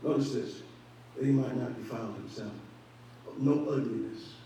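A man's voice: medium pitch, normal speed, mellow. A man preaching a sermon as pastor, building emphasis and acting out conversations. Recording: very echoey hall, mic far off, faint hum.

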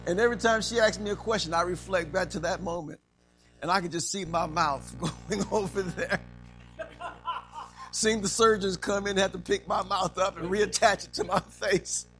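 A man's voice: high-pitched, moderate pace, faint music behind. A man in his fifties preaching a sermon, telling funny stories and acting out the voices in them. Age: 50s. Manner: animated storytelling, acting out quotes; humorous.

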